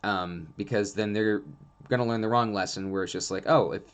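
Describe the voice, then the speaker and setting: A man with a fairly low voice talks through dog behavior in a casual, instructional way. He is frank and rambling, circling back with lots of fillers as he explains things from his grooming days. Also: steady tone, brisk, smooth.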